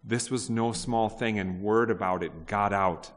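Deep-voiced man preaching in a reverberant hall. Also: a little slow. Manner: conversational, asks the congregation questions, frequent restarts. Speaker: pastor. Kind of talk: sermon. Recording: long reverb of a large hall.

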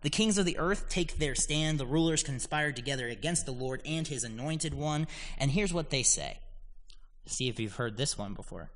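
A man of middle pitch preaches a sermon through a psalm, explaining it earnestly to his listeners. His voice rings with the long reverb of a large hall, and he leans hard into the lines he speaks as God's words. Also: expressive, normal speed, fairly bright tone.

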